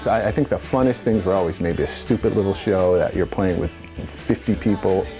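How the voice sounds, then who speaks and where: A man's voice: low-pitched, fairly quick, music in the background. A middle-aged man, a musician, telling rambling anecdotes in a casual interview, with small laughs and restarts.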